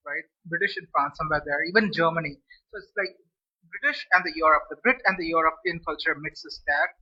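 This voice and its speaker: A man's voice: high-pitched, slightly rough. A man from India, chatting casually to camera as a food vlogger, rambling and restarting his phrases. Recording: dull lo-fi recording.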